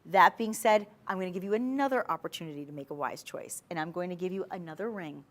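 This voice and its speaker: A woman's voice: fairly low pitch, fast. A woman hosting a live TV shopping show, selling jewelry in a chatty, persuasive way and talking straight to viewers. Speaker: shopping channel host. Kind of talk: live TV jewelry sales pitch. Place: TV studio.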